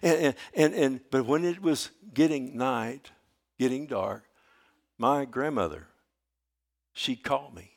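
An older man, preaching a sermon in a folksy storytelling way that swings from hushed to loud. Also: medium pitch, a little slow, gravelly. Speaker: pastor.

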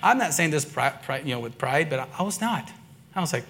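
A man with children preaching a sermon, telling personal stories in an earnest way that swings from hushed to excited. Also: fairly high pitch, brisk. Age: adult, father and son-in-law. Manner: earnest storytelling, swinging between quiet and excited. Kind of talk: sermon testimony.

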